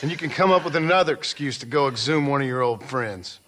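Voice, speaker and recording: An actor playing a gruff, reformed outlaw gunslinger in his thirties with a dry, blunt, menacing manner. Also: medium pitch, fast, fairly bright tone, faint music behind, natural voice. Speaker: character in a video game. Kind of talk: video game cutscene acting.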